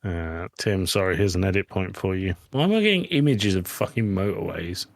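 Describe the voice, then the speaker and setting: A man co-hosting a podcast, bantering with friends in an animated, teasing way and swearing freely. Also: low-pitched, brisk, dry recording. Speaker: podcast co-host. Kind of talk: casual banter.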